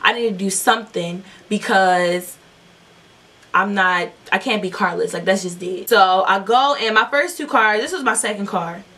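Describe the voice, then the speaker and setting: Young woman, vlogger, casual storytime, rambling, profane, mid pitch, slightly distant mic. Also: normal speed, pushed and bright. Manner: rambling, profane, lots of fillers. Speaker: beauty vlogger. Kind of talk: casual storytime while doing makeup.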